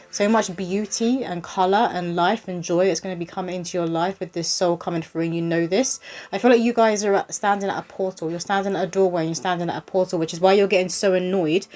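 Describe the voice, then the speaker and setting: A woman's voice: lowish voice, a little mellow. A woman giving a chatty, reassuring tarot reading and speaking straight to the viewer. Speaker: psychic medium doing a tarot reading. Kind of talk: casual spoken tarot reading.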